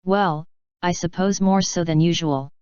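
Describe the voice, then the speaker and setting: A woman's voice: lowish voice, measured pace, darkish tone, smooth, no room sound, highs cut off, lightly acted. A woman reading the lines of a caring man worried about his elderly neighbor. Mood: concerned. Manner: concerned, caring.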